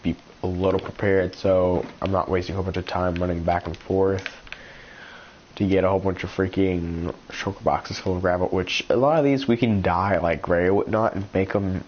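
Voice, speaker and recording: Congested low-voiced man talking through gameplay. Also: fairly even intonation, moderate pace. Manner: rambling, thinks aloud with many ums and restarts. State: congested, a little rough. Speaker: gaming channel host. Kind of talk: casual gameplay commentary. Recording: slightly dull lo-fi sound with faint noise.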